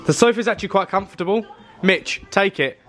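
A man's voice: high-pitched, fairly quick, fairly bright tone. A young man from England, vlogging and chatting casually and teasingly with friends. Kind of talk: casual travel vlog chat.

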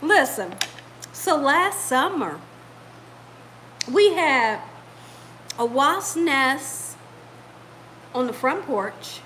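Bright high-voiced woman chatting. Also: very animated, extremely slow, long pauses, slight background noise, rough recording. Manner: chatty storyteller, addresses viewers directly. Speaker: cooking channel host. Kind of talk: casual home cooking chat. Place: home kitchen.

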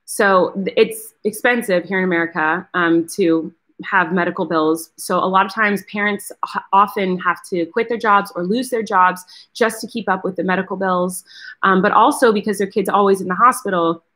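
An earnest woman hosts a live charity fundraiser in a casual, chatty way. She thanks donors one by one. Her voice sits in a middle pitch and she sounds close to tears. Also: fairly even intonation, normal speed, a bit bright. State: tearful, close to crying. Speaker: host of a charity fundraiser livestream.

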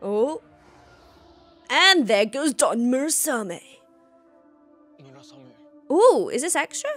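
A woman's voice: sits high, sing-song, slow, pauses often, a bit bright, soft background music. A woman giving an emotional, gushing reaction commentary while she watches a show. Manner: emotional, gushing, exclaims and laughs often. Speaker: reaction video host.

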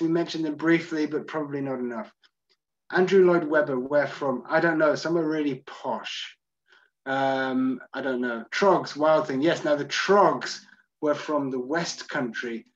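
Chatty male guide on a muffled video call. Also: fairly high pitch. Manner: chatty, self-deprecating, answers comments one by one. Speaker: tour guide. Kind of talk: live Q&A reading audience comments.

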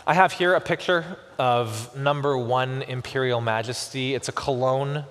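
A man preaching a sermon as pastor, with expressive delivery and slow, emphatic pauses on key words. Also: medium pitch. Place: church sanctuary. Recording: long church reverb.

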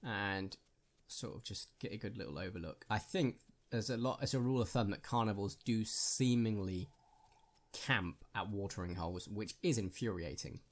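A man's voice: fairly low pitch, normal speed. A man hosting a gaming channel, giving casual, jokey commentary on his own gameplay and chatting with viewers.

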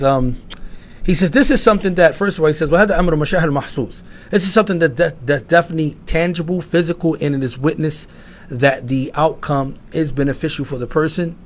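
A man giving an emphatic sermon-style lecture, asking rhetorical questions and swinging from loud to quiet. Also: a little high. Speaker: lecturer at an Islamic institute.

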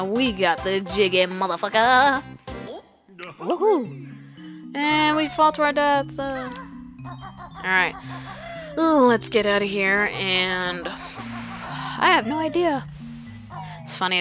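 A young woman giving casual, rambling let's-play commentary, full of "like" and swearing, giggling often. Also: lowish voice. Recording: game music behind voice.

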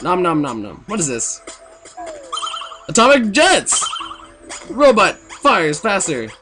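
Excitable young man doing goofy game commentary. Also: high-pitched, takes it slowly. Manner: excitable, jokey, prone to sudden outbursts. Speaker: let's play gamer.

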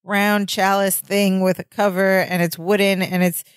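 A woman's voice: medium pitch, flat delivery, clear, resonant tone, no echo. A woman co-hosting a podcast, chatting casually as she recaps a sitcom episode. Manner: chatty, fillers and quick asides. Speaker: podcast co-host.

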